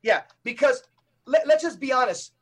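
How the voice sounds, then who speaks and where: A middle-aged man, a Catholic evangelist, speaking as a podcast guest in an emphatic, preacher-like way with rapid lists and repetitions. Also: very high-pitched, animated, a bit bright.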